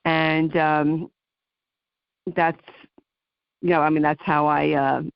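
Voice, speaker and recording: A woman's voice: low-pitched, little pitch movement, gravelly, smooth, dry recording. Jersey lady hosting talk radio, lots of um and you know, muffled dry sound. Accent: New Jersey. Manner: halting, full of ums and you knows. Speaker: host.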